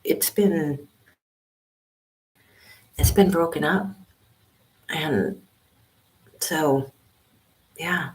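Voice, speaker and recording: A woman over fifty talks in a hushed whisper on a casual livestream, rambling and chatty. Her low voice stays soft because she is speaking from a small library study room with people on either side. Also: extremely slow, long pauses, poor audio. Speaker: vlogger doing a livestream.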